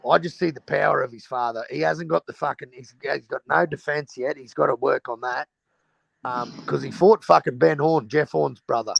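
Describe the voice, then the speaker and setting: A man's voice: medium pitch, normal speed, vocal fry, breathy edge, no echo, highs cut off. A man with an Australian accent hosting a stream, chatting about boxing bluntly and swearing freely. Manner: blunt, sweary, mate-heavy banter. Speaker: stream host. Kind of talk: casual boxing chat.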